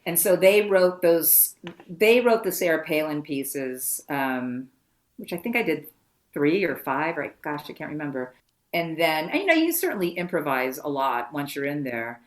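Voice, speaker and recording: An actress being interviewed on a podcast, telling lively anecdotes and acting out the voices of people she quotes. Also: sits low, moderate pace. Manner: lively storyteller who acts out quoted voices. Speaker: actress guest.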